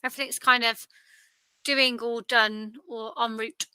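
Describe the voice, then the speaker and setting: Bright, high-voiced tired quiz host. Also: female voice, fairly even intonation, a little slow, clear, resonant tone, dry recording, poor audio. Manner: chatty, self-deprecating, sing-song repetition. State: tired, yawning. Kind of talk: casual quiz livestream chat.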